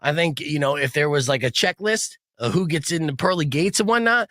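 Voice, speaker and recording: A man's voice: on the high side, animated, brisk, sharp tone, dry recording, studio quality. A man hosting a rock radio show and podcast, talking in a rambling, jokey way with lots of fillers. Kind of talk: casual rock radio chat.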